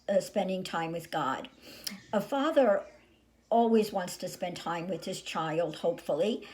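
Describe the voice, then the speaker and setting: A woman hosting a short devotional talk, telling a story and then reflecting in a measured, earnest way. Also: medium pitch, darkish tone. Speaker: host.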